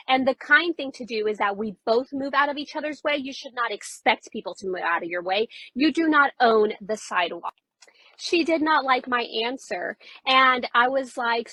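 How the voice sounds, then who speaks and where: Young woman, casual storytime, animated retelling, bright husky voice, dry close sound. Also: a little high, no room sound, rough recording. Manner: animated retelling, quoting others, rising when upset.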